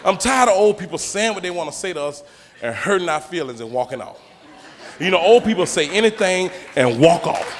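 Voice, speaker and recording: A man doing a stand-up comedy routine, telling slangy, animated stories and acting out the characters. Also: high-pitched, brisk. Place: comedy stage before a live audience. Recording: live club hall with crowd noise. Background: audience laughter.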